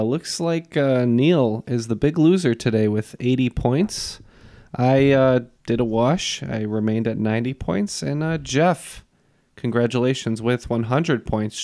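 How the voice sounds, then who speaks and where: Podcast host guy, upbeat and teasing, gravelly voice. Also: mid-range voice, darkish tone. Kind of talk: casual podcast banter.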